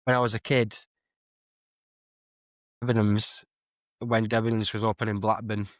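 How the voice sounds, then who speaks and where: A man's voice: on the low side, little pitch movement, moderate pace, dry recording. A young man, chatting casually as a podcast guest and telling rambling, self-correcting stories. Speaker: guest streamer and musician.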